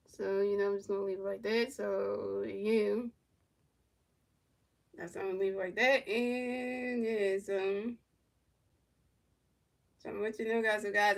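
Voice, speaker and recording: A woman doing casual play-by-play commentary as a livestream host, an excited fan calling plays and chatting with viewers. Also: medium pitch, recorded from a distance.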